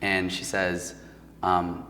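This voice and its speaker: A man's voice: deep voice, completely flat delivery, drawn-out words, bright, forceful tone, in a large hall, a little hiss or hum. A man from New Jersey telling a personal story as a guest, in a casual, emotional way full of "like" and "um". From Paterson, New Jersey. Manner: casual and emotional, heavy with fillers. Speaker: podcast guest.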